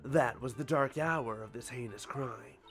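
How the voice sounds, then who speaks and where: A man voicing a stern, menacing male prosecutor, speaking in a slow, grave manner. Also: mid-range voice, soft background music, close to an everyday voice.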